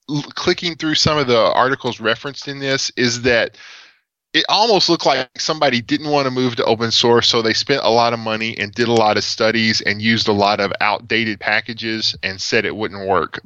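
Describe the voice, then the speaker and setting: East texas guy on a tech podcast, rambly, bright tone, kinda dull lo-fi audio. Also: mid-range voice, dry recording. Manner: rambling, lots of fillers and restarts. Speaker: podcast co-host. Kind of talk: casual tech chat.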